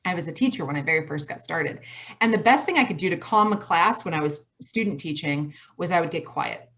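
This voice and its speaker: A woman in her forties from Michigan with a Midwestern accent gives a motivational talk over a video call from home. She talks fast, stresses her points hard and repeats her key phrases. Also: deep voice, lively intonation, fairly bright tone. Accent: Midwestern American. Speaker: college president giving a talk.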